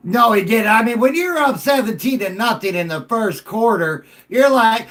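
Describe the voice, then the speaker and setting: A middle-aged man hosting a casual sports talk show, animated and joking as he banters with callers. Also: high-pitched, normal speed, hardly any pauses.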